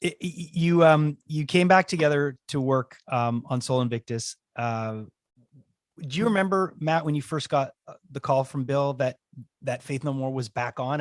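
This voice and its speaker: A man hosting a podcast, asking questions in a halting way with fillers. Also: medium pitch, no room sound. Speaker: podcast host. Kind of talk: interview questions.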